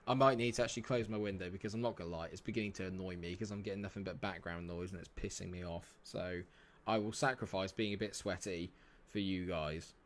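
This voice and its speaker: Guy streaming a football manager game, lowish voice, chatty, swears a bit, home room. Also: steady tone, fast talker, a little hiss or hum. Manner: chatty, mild swearing, talks to chat and players. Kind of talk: casual live-stream commentary. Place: home room near a main road.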